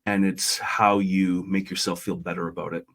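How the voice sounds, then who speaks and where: Low-voiced guy on a podcast, earnest, tells a parable and does little voices for the people in it. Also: level tone, moderate pace, fairly bright tone. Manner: retells a parable, voicing characters lightly. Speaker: podcast guest, realtor. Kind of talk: earnest conversational storytelling.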